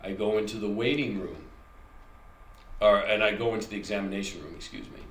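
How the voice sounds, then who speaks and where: A man's voice: on the low side, a little fast. A middle-aged man hosting his channel, telling a personal story in a rambling, conversational way and correcting himself as he goes. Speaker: channel host. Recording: echoey room recording with faint ambience.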